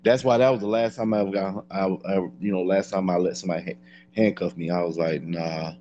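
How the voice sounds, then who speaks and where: A man with a lowish voice recounting an awkward story in blunt, profane casual chat. His delivery is deadpan and griping, with a faint hum of background noise under it. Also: fast talker, lo-fi sound.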